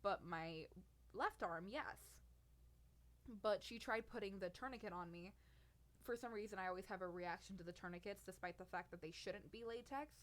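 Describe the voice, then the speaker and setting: A nineteen-year-old woman hosts her own podcast and tells a personal story. She vents in an exasperated, sarcastic way. Her voice sits at an ordinary middle pitch for a woman. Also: normal speed, a bit bright. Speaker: podcast host.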